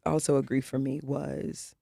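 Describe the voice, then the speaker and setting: Gravelly woman sharing a personal story. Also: a bass voice, level tone, moderate pace, mellow, no echo, studio quality. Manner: storytelling, acting out quoted voices, laughing often. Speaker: podcast co-host. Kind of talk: candid casual conversation.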